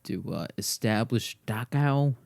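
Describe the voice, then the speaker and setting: A young man hosting a solo podcast, talking slowly in a dark, mellow voice. He rambles and swears at his dog, sometimes slipping into a whisper. The sound is dry and close to the mic. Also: mid-range voice, expressive, creaky, no room sound. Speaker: podcast host.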